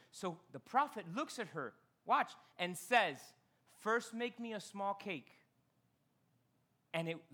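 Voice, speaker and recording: A man preaching a sermon in a church, telling Bible stories with animated delivery and acting out the characters. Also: high-pitched. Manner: slips into Spanish phrases. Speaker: pastor.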